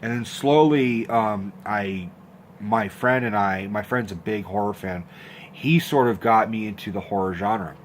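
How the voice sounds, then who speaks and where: A young man with a fairly low voice rants casually about his past, swearing freely and jumping into squeaky impressions as he tells the story. Faint room ambience sits behind him. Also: measured pace, slight background noise. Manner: animated, profane, acts out quotes with squeaky voices. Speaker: host of a horror film rant channel.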